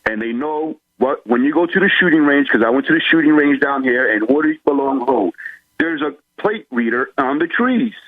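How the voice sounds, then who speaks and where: A man's voice: on the high side, animated, moderate pace, no echo. Man, caller, phone line sound, dry, urgent and blunt. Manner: urgent, warning, plain-spoken. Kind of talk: call-in talk radio.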